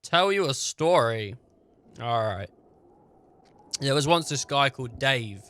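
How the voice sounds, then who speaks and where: A man chatting over his gameplay, bright and forceful in tone. He rambles and jokes his way along, his voice at a middle pitch. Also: lively intonation, takes it slowly. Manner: joking, rambling, laughs often. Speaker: gaming streamer.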